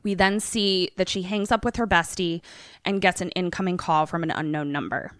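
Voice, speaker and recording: A woman podcast co-host casually retelling a film's plot, animated and profane, slipping into quoted voices. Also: on the low side, normal speed, no room sound, studio quality.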